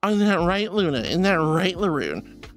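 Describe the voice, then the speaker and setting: A woman streaming as a VTuber, chatting casually and playfully with her viewers and teasing them in squeaky, cutesy tones. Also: very animated, normal speed, soft background music. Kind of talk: casual live-stream chat.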